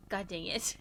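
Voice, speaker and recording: High bright-voiced girl streamer, kinda drunk, hiccuping, giggly and swearing a lot. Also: slight background noise. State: tipsy from drinks. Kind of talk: casual gaming stream chat.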